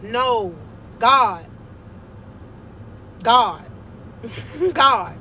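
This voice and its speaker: Emphatic woman life coach, high bright voice, motivational faith talk from a car. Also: a little hiss or hum. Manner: emphatic, preachy, laughs often.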